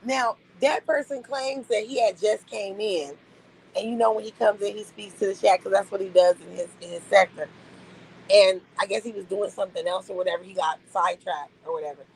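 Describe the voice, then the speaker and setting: A woman's voice: medium pitch, steady tone, a little fast, gravelly, a little mellow, a little hiss or hum, low-quality recording. A young adult woman streaming live, venting bluntly and incredulously to her chat, repeating her points for emphasis.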